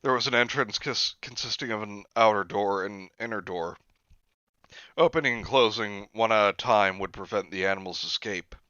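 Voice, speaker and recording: A man's voice: on the low side, normal speed, pushed and bright, clear, resonant tone, no echo. A man reading a story aloud for comedy, with sarcastic asides, on a slightly dull lo-fi recording. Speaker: reader.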